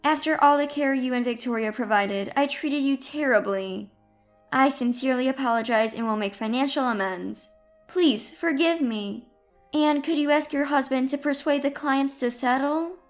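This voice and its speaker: A woman's voice: sits high, moderate pace, soft background music. Woman reading Jacob, arrogant hospital man. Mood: pleading. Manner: dismissive, then stammering. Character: arrogant man turned groveling.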